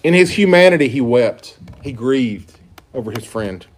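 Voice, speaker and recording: A pastor preaching an earnest sermon, reading scripture aloud with emphatic stresses. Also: male voice, medium pitch, lively intonation, normal speed.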